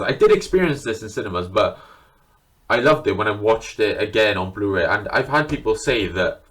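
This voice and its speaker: A man's voice: fairly low pitch, expressive, a little fast, fairly bright tone. A man chatting casually and enthusiastically to camera, swearing freely as he talks. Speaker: video creator showing his film collection. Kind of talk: casual unscripted chat to camera.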